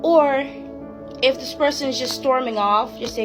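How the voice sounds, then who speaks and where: A woman's voice: high voice, moderate pace. A young woman giving casual Christian advice to her viewers in an earnest, preachy way, with loose fillers. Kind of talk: casual faith talk to camera. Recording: music playing behind the voice.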